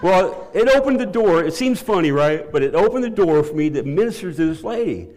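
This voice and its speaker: A middle-aged man giving a spoken testimony to his church, halting with many restarts and frequent laughs, his voice climbing higher and louder as he gets excited. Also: long reverb tail. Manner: voice climbs high and loud when excited.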